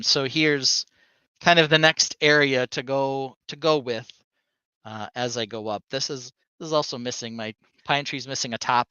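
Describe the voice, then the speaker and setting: A man's voice: mid-range voice, pushed and bright, clean tone, no echo, lo-fi sound. A man co-hosting a livestream, casually walking through his build with many fillers and restarts. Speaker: podcast co-host.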